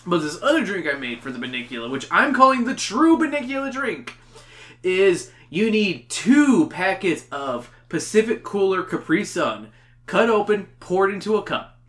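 A man's voice: high-pitched, big pitch swings, moderate pace, fairly bright tone. Chatty upbeat male podcast host. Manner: chatty, upbeat, rambling with restarts. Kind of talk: casual podcast chat.

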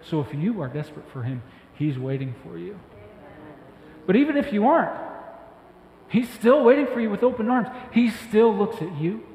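A man preaching a sermon as pastor, talking emphatically with excited bursts that drop back to a soft voice. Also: sits high, normal speed, highs cut off. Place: church hall. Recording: echoey hall with faint ambience.

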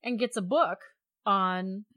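A middle-aged woman talking casually, retelling a story with animated energy and acting out the lines of others. Her voice sits in a middle register. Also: medium pitch, slow pace. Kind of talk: casual chat reviewing a film.

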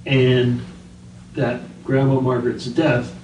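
A middle-aged father calmly asking his son a string of questions on a home recording. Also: mid-range voice, slow. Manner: plain, steady questioning. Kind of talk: family conversation on a home recording. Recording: echoey room, far from the mic, noisy.

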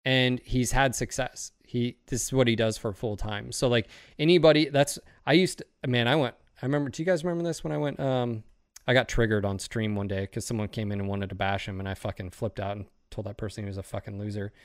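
A man in casual podcast talk, rambling and swearing freely as he gets worked up. His voice sits at an ordinary pitch. The recording is dry and close, with no room echo. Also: brisk, smooth. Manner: rambling, profane, fired up. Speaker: streamer and podcast host.

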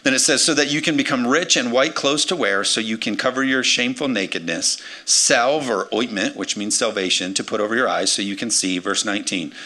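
A man in his forties delivers a lively sermon from the pulpit. His voice is bright and forceful, sitting at an ordinary male pitch. He swings between loud, emphatic declarations and quiet, confiding asides. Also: a little fast, few pauses. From United States. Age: 40s. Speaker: pastor.

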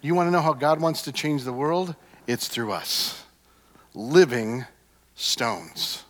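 Pastor guy preaching, kinda high voice, big refrains, quiet then loud, long echo in the sanctuary. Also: moderate pace. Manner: emphatic preaching with repeated refrains, swinging from hushed to loud. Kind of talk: sermon. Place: church sanctuary. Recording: long hall reverb.

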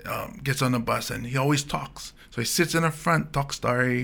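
A man's voice: mid-range voice, normal speed, creaky. A man in his thirties from Hawaii with a light Pidgin-tinged accent, telling stories in a casual podcast chat and acting out the voices of the people in them. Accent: Hawaiian Pidgin-tinged English. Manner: animated storyteller acting out quoted voices. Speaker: comedian guest.

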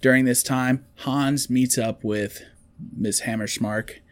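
A man's voice: medium pitch, steady tone, no room sound. A man chatting casually, retelling a movie plot in a rambling, storytelling way. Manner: rambling storyteller, quick quotes of characters.

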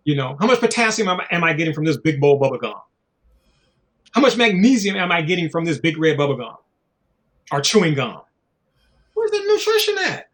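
A man's voice: fairly high pitch, expressive, a little fast, long pauses, a bit bright. A man in casual conversation, talking in a loose, profane, preachy way and acting out little voices as he goes. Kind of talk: casual chat.

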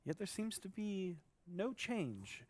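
A man narrating a tabletop game as game master, animated and laughing often. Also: sits high, takes it slowly, no room sound.

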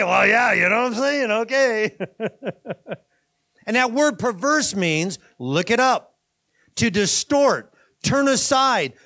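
High-voiced preaching man. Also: sharp tone. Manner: conversational preaching, rising to emphatic bursts, asides and laughs. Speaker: pastor. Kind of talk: sermon.

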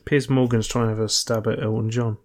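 A man in mid-pitch trading dry jokes on a casual film podcast. He talks in a relaxed, offhand way and drops quick quips between longer points. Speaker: podcast co-host. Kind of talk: casual film review chat.

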